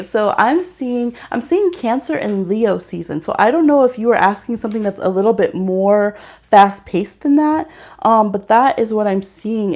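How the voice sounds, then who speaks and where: A woman gives live tarot readings from home, talking casually into her computer microphone. Her voice sits in a middling pitch, and she fills her speech with "um" and "like" as she reads out viewers' questions. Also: darkish tone. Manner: chatty, reads chat aloud, many fillers and "like".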